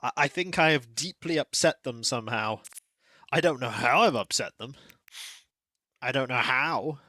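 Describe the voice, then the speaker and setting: A man, a livestreamer, chatting casually and greeting viewers by name in a relaxed, playfully formal way from his home. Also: medium pitch, normal speed, no echo. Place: home room.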